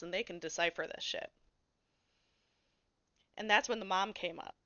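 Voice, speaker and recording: A woman's voice: medium pitch, normal speed, long pauses, dry recording, lo-fi sound. A woman co-hosting a podcast, telling a story in casual chat, blunt and swearing freely. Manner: animated storyteller. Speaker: podcast co-host.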